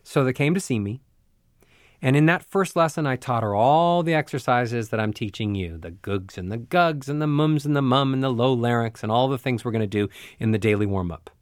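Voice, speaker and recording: A man giving a spoken voice lesson as a voice coach, telling stories with animated, emphatic asides. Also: mid-range voice, brisk, no echo, studio quality.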